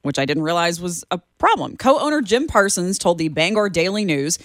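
A woman's voice: on the low side, lively intonation, moderate pace, dry recording, studio quality. A woman co-hosting a radio show, reading news items in a chatty, amused way. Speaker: radio co-host. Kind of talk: casual radio chat.

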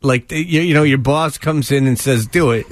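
A man's voice: medium pitch, moderate pace. A man hosting a sports radio show, cracking jokes and laughing through casual banter. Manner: wisecracking, laughs often. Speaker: radio host.

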